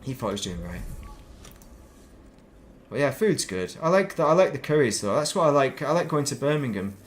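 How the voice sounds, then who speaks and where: A man's voice: mid-range voice, big pitch swings, brisk. A middle-aged man from England, chatting casually and rambling while streaming a space game, self-mocking and chatty. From northern England.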